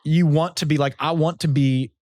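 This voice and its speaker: A man hosting a casual podcast chat, energetic and animated, talking about his own company and team. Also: a little high, moderate pace, dry recording, studio quality. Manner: energetic, animated storyteller who acts out quotes. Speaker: podcast host and company founder. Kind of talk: casual conversation.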